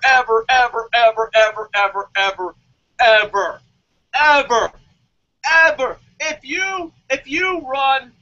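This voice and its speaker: A man with an unusually high, bright voice that swings wildly up and down. He rants in heated, repetitive bursts, swears constantly and breaks into shouts. The podcast audio is dull and lo-fi. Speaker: podcast co-host. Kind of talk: profane wrestling review rant.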